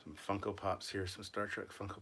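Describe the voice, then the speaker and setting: A man with a deep, low-pitched voice talks through a casual livestream show-and-tell in a room at home. He rambles in a relaxed way and jokes at his own expense, over a faint hiss of background noise. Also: a little fast. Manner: relaxed, rambling, self-deprecating. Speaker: channel host. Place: upstairs room at home filled with collectibles.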